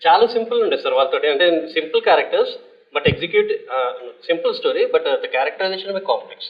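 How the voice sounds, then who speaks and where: A man's voice: on the high side, lively intonation, very fast. A male film director, giving brief, matter-of-fact answers in a casual interview. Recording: slightly muffled audio.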